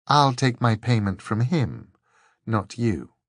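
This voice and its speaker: A man voicing a sweet, teasing young woman, speaking slowly. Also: medium pitch, lively intonation, no room sound, studio quality.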